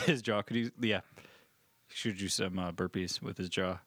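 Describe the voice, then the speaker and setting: A young man co-hosting a comedy podcast, teasing his partner with dry, deadpan jabs. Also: low-pitched, a little slow, breathy edge, dry recording. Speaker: podcast co-host. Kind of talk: casual comedic banter.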